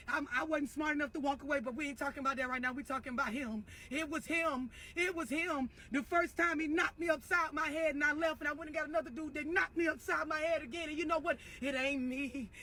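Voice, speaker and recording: A woman's voice: high voice, bright, forceful tone. A middle-aged woman delivering a blunt, profane, mocking rant as an online commentator. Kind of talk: profane ranting monologue.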